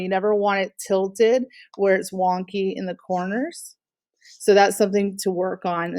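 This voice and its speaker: A woman's voice: medium pitch, a little mellow, no echo. A woman teaching an online art class, critiquing student artwork in an encouraging but direct way with frequent fillers, speaking into a computer mic on a video call.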